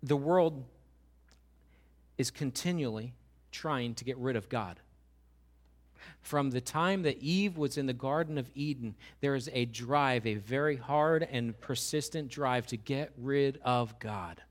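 Here a pastor preaches a lively sermon in a medium-pitched voice, his delivery a little slow. He often performs the words of those he quotes, working up to loud questions that rise in pitch.

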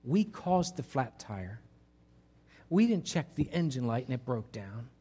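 A pastor preaching a conversational sermon to his congregation, swinging between loud emphasis and quiet, hushed lines. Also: medium pitch, very animated, a little slow, husky. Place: church sanctuary.

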